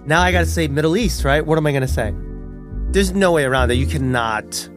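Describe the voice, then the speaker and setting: A man from New York, telling a personal story in an animated way and acting out the voices of the people in it. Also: on the high side, a little fast, music in the background. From New York City. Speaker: storyteller guest.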